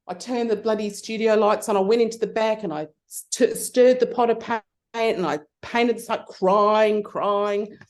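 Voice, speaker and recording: A middle-aged woman telling stories in a casual interview, acting out the voices of people in her stories. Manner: animated storyteller, acts out voices with big pitch jumps. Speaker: guest.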